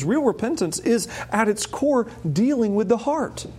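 A man preaching an expository sermon, emphatic, with wry asides and high urgent peaks on key points. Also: expressive, moderate pace, a little mellow, breathy edge. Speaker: pastor.

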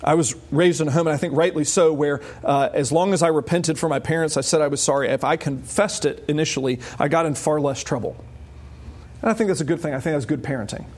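A man preaching an expository sermon, emphatic, with wry asides and high urgent peaks on key points. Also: quick pace, darkish tone. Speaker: pastor.

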